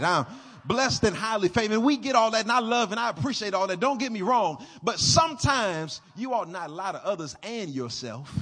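Male pastor, high husky voice, builds from hushed talk to shouted sing-song preaching. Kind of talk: sermon. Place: church sanctuary.

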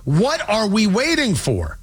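A man delivering an opinionated political monologue, sarcastic and animated, slipping into mocking voices. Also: high-pitched, takes it slowly, slightly rough. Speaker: political commentator.

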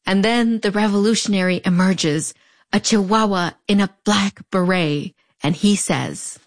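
A woman's voice: medium pitch, a little slow, no echo. A woman with a fronterizo border accent giving a wry, conversational scripted narration with playful, sassy asides. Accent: fronterizo (US-Mexico border). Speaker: podcast narrator.

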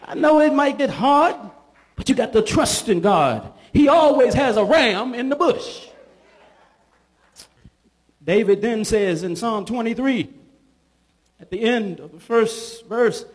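A man, a bishop, preaching a sermon in church, calling for responses from the congregation and building up to shouts. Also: very high-pitched, animated, unhurried, long pauses.

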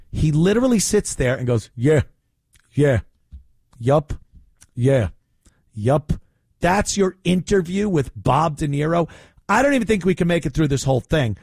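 A man's voice: fairly high pitch, no echo, studio quality. A man hosting a podcast, mocking a clip with exasperated, sarcastic commentary and teasing baby talk. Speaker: podcast host reacting to a clip.

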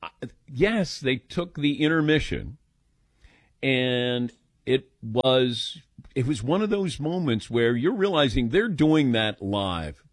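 An older man hosting a call-in radio show, telling stories about himself in an animated, self-deprecating way. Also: mid-range voice, slow pace, no echo, studio quality.

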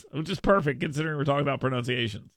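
A man's voice: fairly high pitch, wildly swooping pitch, a little fast, fairly bright tone, dry recording. A man hosting a talk radio show, chatting playfully and making mock proclamations, with frequent restarts, on a studio mic. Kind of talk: casual talk radio banter. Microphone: studio microphone.

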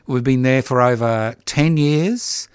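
A man's voice: mid-range voice, slow pace, clean tone, no room sound, studio quality. An older man with an Australian accent hosting a radio chat, telling stories in a wry, repetitive way. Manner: wry, repetitive, lively storyteller. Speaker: radio host. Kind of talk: casual on-air chat. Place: radio studio.

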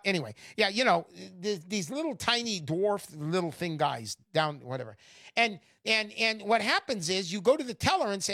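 A woman giving an emphatic, mocking sales pitch, making her case with scorn and punchy asides. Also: very animated, moderate pace, fairly bright tone, no room sound, clean studio sound. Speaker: gold investment promoter.

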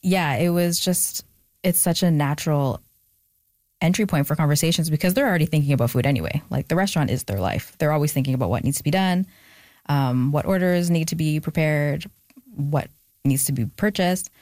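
A woman's voice: low-pitched, brisk, a little mellow, no echo, studio quality. A woman author being interviewed, talking in an earnest, reflective way with fillers. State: emotional, near tears at times. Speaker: author, guest. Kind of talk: casual interview talk.

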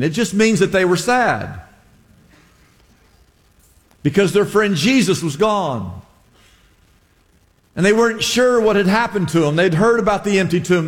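A man's voice: a little high, big-room sound. A man preaching a sermon as pastor, retelling a story with voiced quotes and jokes. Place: church.

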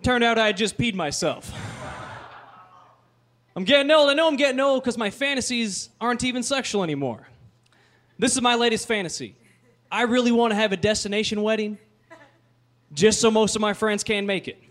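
High-voiced deadpan male comic. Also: fairly quick, long pauses. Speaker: stand-up comedian. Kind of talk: stand-up routine.

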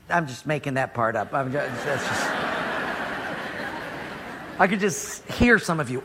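Male preacher, joking, animated, high voice, reverberant hall. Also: moderate pace, noisy background. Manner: animated, joking, acts out scenes. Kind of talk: storytelling sermon.

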